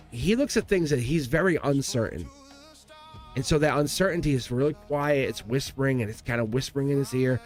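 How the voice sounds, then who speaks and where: A man giving a live tarot reading to viewers, talking in an earnest, rambling way, repeating phrases and correcting himself mid-sentence. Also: mid-range voice. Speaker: tarot reader.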